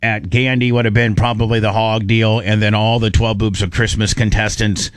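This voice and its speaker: Chatty male radio host, animated stories, dry close mic. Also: lowish voice, normal speed, dry recording. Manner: animated, excitable, many restarts. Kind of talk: casual storytelling chat.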